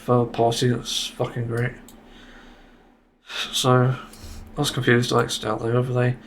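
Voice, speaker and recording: A man's voice: medium pitch, monotone, unhurried, a little hiss or hum. A man hosting a solo podcast, ranting in exasperation and swearing often. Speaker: podcast host.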